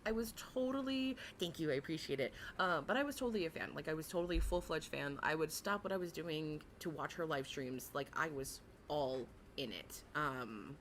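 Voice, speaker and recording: A young adult woman with a raspy voice, chatting casually and rambling on a livestream, often giggling, with many fillers. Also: low voice, fairly quick, few pauses, fairly bright tone, a little hiss or hum. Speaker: livestream commentary host.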